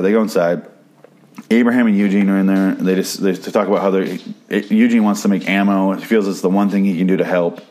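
Low-pitched man for a loose, profane episode recap vlog, rambling and exasperated. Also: a little mellow. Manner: rambling, swearing, exasperated ranting. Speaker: TV show recapper.

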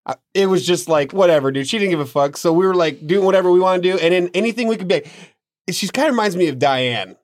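A man's voice: sits high, expressive, fast talker, no room sound, studio quality. A man in a band telling stories in casual chat, swearing freely and talking over his friends. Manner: profane, talks over others. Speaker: band member guest. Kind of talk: casual storytelling.

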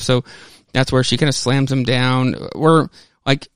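A man's voice: medium pitch, fairly even intonation, measured pace, clean tone, dry recording, clean studio sound. Man casually recapping a comic. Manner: loose retelling with many fillers and restarts. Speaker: podcast host.

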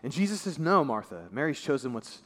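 A male pastor giving a sermon in a conversational way, dropping his voice low and soft for emphasis. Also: big pitch swings, brisk. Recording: long reverb of a large hall.

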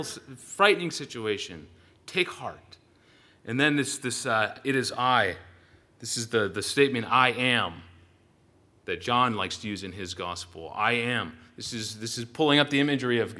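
Animated, bright-voiced male preacher. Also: medium pitch. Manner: animated storytelling, frequent "uh" and restarts. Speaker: pastor. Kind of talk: sermon.

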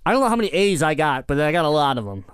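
Excitable, laughing podcast co-host man. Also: a little high, very fast, clear, resonant tone, dry recording. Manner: laughs often, excitable storytelling. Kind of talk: casual chat.

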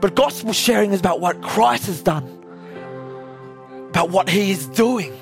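A man's voice: sits high, lively intonation, moderate pace, vocal fry, faint music behind. A young man preaching a sermon as casual storytelling, acting out quotes as he goes.

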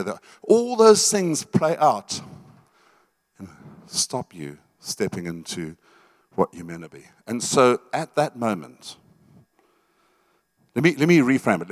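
Emphatic middle-aged man preaching. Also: sits low. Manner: emphatic, repeats words, asks the room questions. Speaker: pastor. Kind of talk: sermon teaching.

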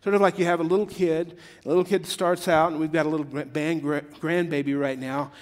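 A man's voice: a little high, fairly even intonation, fairly quick, big-room sound. A middle-aged man preaching a sermon in a joking, conversational way that builds to emphatic peaks. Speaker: pastor.

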